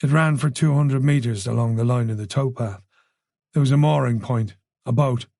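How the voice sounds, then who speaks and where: A narrator voicing a calm, reasonable Irish police chief who speaks in a soothing way. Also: male voice, mid-range voice, normal speed, creaky, no room sound, studio quality. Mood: explaining.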